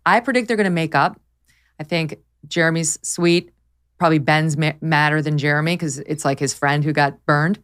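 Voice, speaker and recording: Woman podcast host, low-pitched, emphatic and animated, opinionated casual chat on a studio mic. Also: smooth. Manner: emphatic, quick, animated with laughs.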